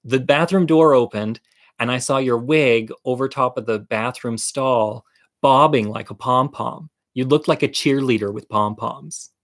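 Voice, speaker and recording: A man tells a comic personal story in a casual monologue, with a mid-pitched voice. He is campy and candid, and he makes fun of himself. He keeps turning to the viewer with chatty asides. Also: a little slow. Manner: campy, candid and self-deprecating.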